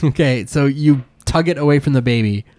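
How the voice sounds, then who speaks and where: A man running a tabletop game as game master, narrating in a relaxed way full of fillers and asides. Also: medium pitch, a little fast, a little hiss or hum.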